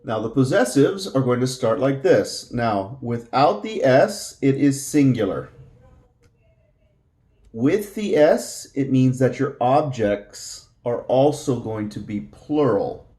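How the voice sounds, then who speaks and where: A man's voice: medium pitch, expressive, slow, warm tone. Guy teaching spanish, takes his time, lots of uh's, says stuff twice. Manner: patient, repeats words, frequent "uh" fillers. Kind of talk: slow explanatory language lesson.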